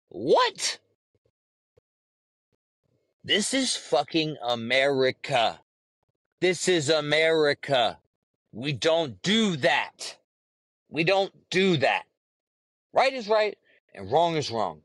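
A man's voice: fairly high pitch, very animated, slow, pauses often, fairly bright tone, no echo. A man hosting a podcast, ranting heatedly with lots of swearing, repeating lines for emphasis. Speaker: podcast host. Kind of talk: profane opinion rant.

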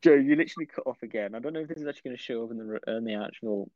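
A young man co-hosting a podcast, jokey and teasing, telling quick anecdotes. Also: mid-range voice, dark tone, no room sound. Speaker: podcast co-host. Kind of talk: casual chat. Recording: dry, dull lo-fi call audio.

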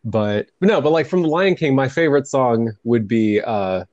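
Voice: medium pitch, lively intonation, moderate pace, a little mellow, dry recording, lo-fi sound. A co-host in a casual chat who rambles, hunts for words and jokes around. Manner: rambling, loses words, jokey. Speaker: podcast co-host.

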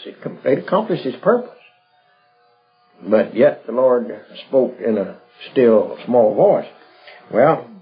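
Guy preaching bible stuff, lots of uh and restarts, medium pitch, old dull recording. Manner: halting, many fillers and restarts, colloquial rural phrasing. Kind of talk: folksy Bible teaching.

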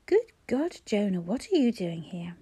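A woman's voice: medium pitch, very animated, moderate pace, warm tone, husky. A woman reading an audiobook, voicing a cantankerous scheming old man who bellows and mocks. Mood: blustering. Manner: blustering, mocking. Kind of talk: audiobook character voice.

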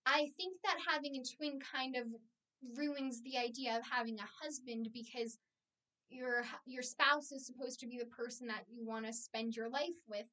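A woman's voice: sits high, fairly even intonation, normal speed, sharp tone. A young woman co-hosting a casual podcast, playful and explaining her ideas at length. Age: young adult. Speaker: podcast co-host. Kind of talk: casual chat. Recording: too far from the microphone.

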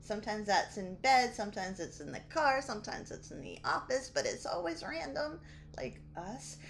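A woman's voice: mid-range voice, big pitch swings, moderate pace, a little hiss or hum. A woman hosting a podcast in casual, playful chat, laughing often, recorded outdoors at dinner. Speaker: podcast host.

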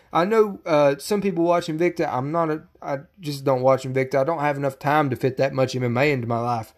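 A man's voice: fairly high pitch, a little mellow. Profane ranting man talking fights. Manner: profane, ranting, gets worked up. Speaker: podcast host. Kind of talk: casual MMA podcast commentary.

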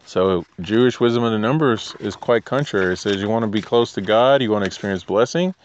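A man's voice: lowish voice, a little fast, highs cut off, slight background noise. Rambling man teaching scripture. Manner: rambling, jokey asides, restarts. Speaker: teacher of Torah. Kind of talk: casual Bible teaching.

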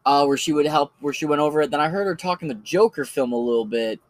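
Talking fast in a higher voice, this host loosely rambles and curses his way through suggestions of online creators. It's a laid-back solo commentary.

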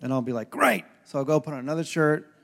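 A man's voice: mid-range voice, fairly even intonation, racing. A male pastor giving a casual, joking sermon in church, acting out quoted voices. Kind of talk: conversational sermon. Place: church sanctuary. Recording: long hall reverb.

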